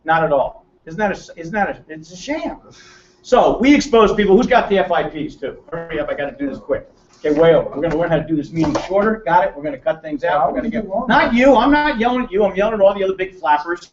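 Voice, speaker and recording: Animated and quick, this seminar presenter is an American man with a high voice. He's brash and jokey with his live audience, quizzing and teasing them, captured by a dull, distant room mic in a roomy space.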